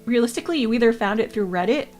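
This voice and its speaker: With faint music behind her, a VTuber with a higher, darkish voice talks rapid-fire and animated on a casual stream. She reads chat aloud, makes crude jokes, laughs frequently and often repeats herself.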